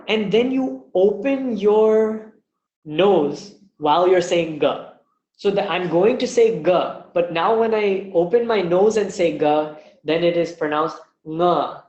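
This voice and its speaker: A man teaching an online language lesson, patiently demonstrating each sound slowly. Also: high voice, darkish tone, echoey room, muffled recording. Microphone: webinar mic.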